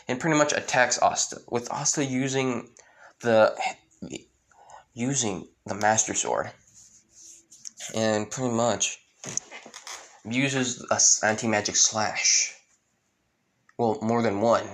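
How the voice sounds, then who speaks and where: Gravelly man casually retelling a story. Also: mid-range voice, takes it slowly, pauses often, fairly bright tone. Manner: rambling, loose retelling. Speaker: fan fiction narrator.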